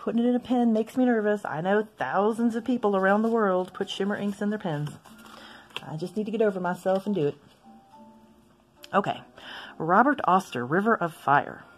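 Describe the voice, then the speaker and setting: A woman chatting casually as she swatches inks for her video, rambling into asides and gently poking fun at herself. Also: mid-range voice, moderate pace. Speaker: stationery vlogger.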